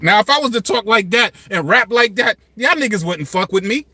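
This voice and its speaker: A man's voice: high voice, expressive, brisk, few pauses, sharp tone. A man in his fifties hosting a hip-hop commentary channel, talking passionately and emphatically in street slang. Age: 50s. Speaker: channel host.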